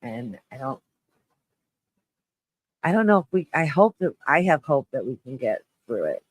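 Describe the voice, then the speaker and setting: A man hosting a live stream, chatting with viewers in a low, shaky-voiced mood, halting and restarting as he rambles. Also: sing-song, no echo, low-quality recording. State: shaky voice, close to tears. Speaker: livestream host.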